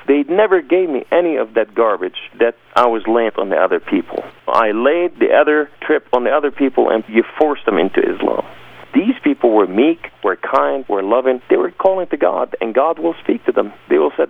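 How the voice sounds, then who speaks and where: Man telling his life story with lots of drama, gravelly voice, tinny dry phone sound. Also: medium pitch, animated, normal speed, no room sound. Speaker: guest telling his testimony. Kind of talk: personal testimony in an interview.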